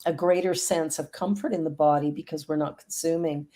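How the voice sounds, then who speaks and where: A woman's voice: deep voice, fairly even intonation, fairly quick, mellow. A middle-aged woman talking in an earnest, upbeat way during a casual video-call chat. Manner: earnest, upbeat, speaks of prayer and affirmations.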